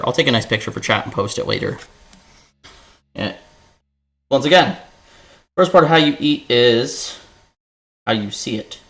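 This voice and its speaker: A man's voice: medium pitch, a bit bright. A man streaming himself cooking in his home kitchen, chatting with viewers in a playful, profane, casual way. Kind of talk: casual cooking livestream chat.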